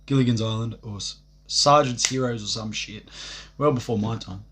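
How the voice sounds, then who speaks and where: A man's voice: medium pitch, normal speed, a bit bright. A young man ranting on a livestream, boastful and profane, rambling from one thought to the next.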